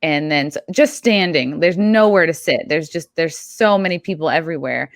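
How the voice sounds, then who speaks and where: A woman's voice: deep voice, normal speed, dry recording, studio quality. A young woman guest on a talk show, telling a rambling story in a chatty way with many fillers. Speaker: podcast guest. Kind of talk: casual talk-show chat.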